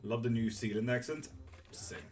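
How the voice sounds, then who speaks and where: A man's voice: medium pitch, normal speed, soft background music. A man running a live tarot stream, chatting casually with viewers and rambling with fillers and the odd swear. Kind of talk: casual live-stream chat reading comments.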